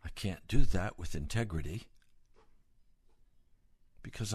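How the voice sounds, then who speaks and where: A male preacher delivering a sermon, speaking slowly and gravely before building into fervent, pleading appeals. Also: fairly low pitch, no room sound.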